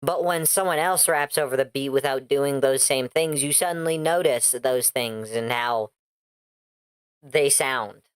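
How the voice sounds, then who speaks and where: Low-voiced sarcastic woman streamer. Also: unhurried, clear, resonant tone, dry recording. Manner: blunt, sarcastic, swears freely. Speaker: streamer reacting to music. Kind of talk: casual reaction commentary.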